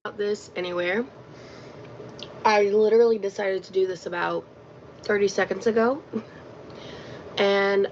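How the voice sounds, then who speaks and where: A woman's voice: medium pitch, fairly even intonation, a little slow, long pauses. A tired woman chatting on a livestream, rambling and hesitant with many fillers. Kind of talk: casual livestream chat. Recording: dull lo-fi stream audio with faint noise.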